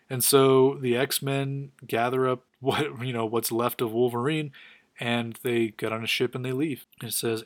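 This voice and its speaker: A man giving a casual, enthusiastic comic book recap, quick and full of fillers. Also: mid-range voice, dry recording. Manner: rapid, filler-heavy, enthusiastic.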